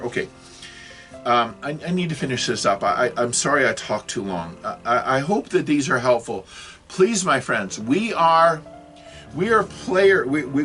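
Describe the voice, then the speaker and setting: A man's voice: mid-range voice, pushed and bright. Rambling man in his sixties lecturing. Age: 60s. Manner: rambling, self-correcting, apologetic asides. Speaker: religious video teacher.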